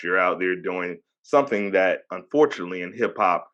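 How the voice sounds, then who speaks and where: A man's voice: low voice, animated, a little fast, a bit bright, muffled recording. A man in his thirties with a Hampton Roads Virginia accent, hosting a casual podcast interview and hyping up his guest in a loose, chatty way. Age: 30s. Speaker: podcast host.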